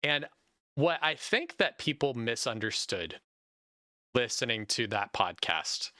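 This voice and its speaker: Young male podcast host, bright forceful voice, dry close sound, animated run-on talker. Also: mid-range voice, a little slow, dry recording. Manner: animated, talks in long run-on stretches. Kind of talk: casual podcast chat.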